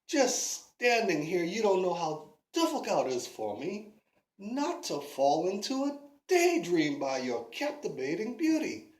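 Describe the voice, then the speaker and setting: A woman voicing a brash, flirty, hot-tempered man who sweet-talks and then yells, recorded in a roomy space. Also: on the low side, big pitch swings, a little slow, pitched below the performer's own voice. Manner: smooth-talking, then yelling. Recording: roomy echo.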